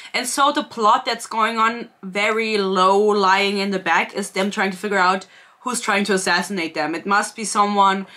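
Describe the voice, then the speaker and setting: Young woman in her twenties, book reviewer, sarcastic and giggly, bright tone. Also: medium pitch. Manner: sarcastic, laughing, reads excerpts aloud. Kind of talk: casual book review vlog.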